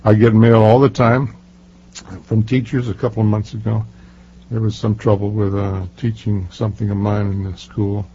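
Gravelly older man telling stories. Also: lowish voice, flat delivery, normal speed, mellow, a little hiss or hum. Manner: emphatic, storytelling, many fillers and restarts. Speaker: author being interviewed. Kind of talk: casual interview talk. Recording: muffled lo-fi recording.

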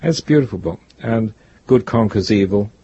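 An older man, a guest author, telling stories in an interview in a rambling, reflective way with a gravelly, husky voice. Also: fairly low pitch, animated, brisk, dark tone, dull audio. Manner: rambling, reflective, restarts often. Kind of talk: interview, storytelling.

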